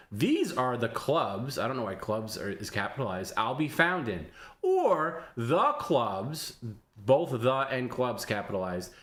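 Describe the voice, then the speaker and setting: A man's voice: mid-range voice, fairly bright tone. A man hosting a live stream, teasing his guest and laughing often. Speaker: stream host. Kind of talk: casual live stream banter.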